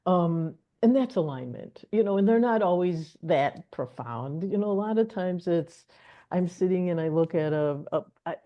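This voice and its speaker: With a voice on the low side at a moderate pace, this co-host of a spiritual wealth course tells stories in a casual spiritual talk, laughing frequently and playing out inner voices. The audio has a dull, lo-fi quality.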